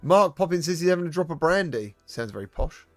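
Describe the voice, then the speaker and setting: A man's voice: a little high, animated, a little fast, no room sound, faint music behind. A British man live-streaming about VR gaming, chatting casually and greeting viewers by name, with lots of fillers and restarts.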